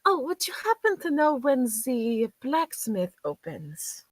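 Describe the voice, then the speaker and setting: A refined noble lady shopping in a tabletop game, gracious and a touch hesitant, as a woman plays her. Her voice is fairly high and dry, close to the mic. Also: huge pitch swings, unhurried, no room sound, full character voice, low-quality recording. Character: polite, refined noblewoman customer.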